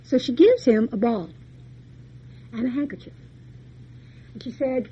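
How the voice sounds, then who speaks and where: Woman, storytelling lecture, chatty folksy asides, slightly high voice, dull muffled sound. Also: expressive, unhurried, pauses often. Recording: dull muffled recording, faint hiss.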